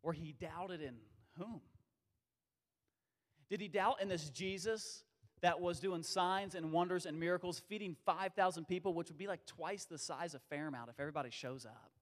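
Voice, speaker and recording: A male pastor preaching a sermon, animated, swinging between loud bursts and hushed asides. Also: on the high side, moderate pace. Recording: long hall reverb.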